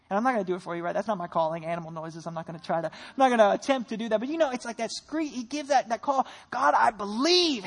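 A woman preacher delivers a lively sermon with a somewhat high, husky voice. She retells the stories vividly and asks her listeners a string of rhetorical questions. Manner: animated storytelling with rhetorical questions.

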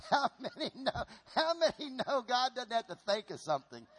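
A middle-aged man preaching a sermon in an animated way, repeating his phrases and calling on the congregation to answer. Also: very high-pitched, normal speed, husky. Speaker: pastor.

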